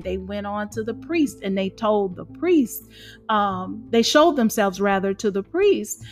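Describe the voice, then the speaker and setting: A woman preaching a sermon in an emphatic, exhorting way, with call-and-response asides to her listeners. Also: medium pitch.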